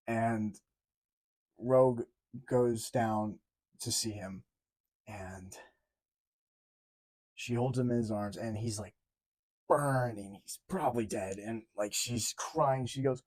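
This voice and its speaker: A young man casually reviewing a TV episode, excitable and rambling, swearing now and then. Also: lowish voice, slow, pauses often. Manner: excitable, rambling, swears, says 'like' often. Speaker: TV show reviewer.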